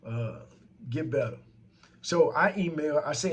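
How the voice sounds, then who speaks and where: A man's voice: fairly high pitch, expressive, measured pace, long pauses, slightly rough. A man telling a story about a complaint in a casual, heated and profane rant.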